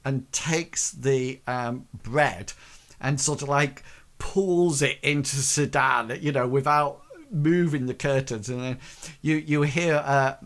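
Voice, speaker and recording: A man's voice: mid-range voice, slow pace, a bit bright. A man narrating a tabletop game as game master, hesitant and full of fillers.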